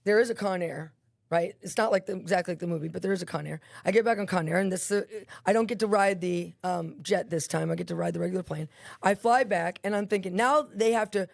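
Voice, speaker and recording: A woman's voice: mid-range voice, vocal fry. A woman guest animatedly telling a personal testimony, acting out scenes with voices and sound effects.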